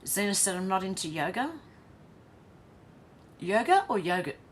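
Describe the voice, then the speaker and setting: An Australian woman hosts a casual livestream, reading viewer comments aloud, chatting, and laughing often. Her medium-pitched voice has a sing-song quality and a moderate pace. Slight background noise can be heard.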